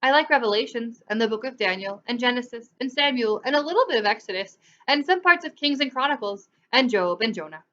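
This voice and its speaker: A woman's voice: a little high, lively intonation, fast, few pauses, sharp tone, muffled recording. Woman reading young girl, blunt, defiant, matter-of-fact, storybook reading. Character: blunt, defiant ten-year-old girl.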